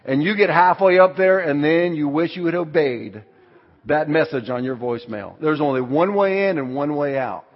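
A man preaches a sermon with emphatic delivery and the occasional shouted line. His voice is fairly high and a little husky. The dull recording carries the long reverb of a large church hall. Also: moderate pace. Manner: emphatic, with sudden loud shouted lines. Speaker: pastor.

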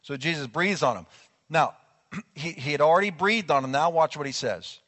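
A male pastor preaching a sermon in a lively, conversational way, acting out quotes as he goes. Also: on the high side, moderate pace. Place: church sanctuary. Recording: long church hall reverb.

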